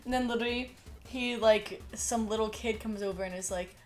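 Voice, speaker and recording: A woman's voice: on the high side, a little fast, darkish tone, faint music behind. A young woman co-hosting a podcast in casual chat, mocking and exasperated, acting out scenes in mock voices. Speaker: podcast co-host.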